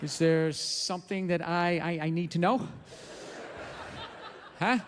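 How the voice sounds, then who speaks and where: A man's voice: fairly high pitch, steady tone, slow pace, a little hiss or hum, voice pushed down. A man voicing a sad, bewildered male zoo gorilla that pleads in a childlike way, on a live stage. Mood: confused. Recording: live venue with long reverb.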